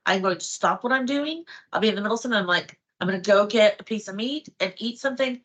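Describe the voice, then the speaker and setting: Chatty, bright-voiced woman. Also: medium pitch, quick pace, hardly any pauses. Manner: chatty storyteller, acts out her own thoughts. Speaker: host's wife, guest. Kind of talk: casual chat.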